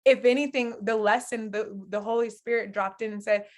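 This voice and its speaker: A young adult woman teaching a relationship masterclass, candid and animated, laughing often as she coaches couples. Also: a little high, brisk.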